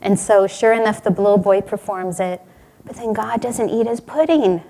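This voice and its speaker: A woman giving a spiritual talk, telling parables in a gently rhetorical manner. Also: medium pitch, normal speed. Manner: warm storytelling, gently rhetorical. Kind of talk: sermon.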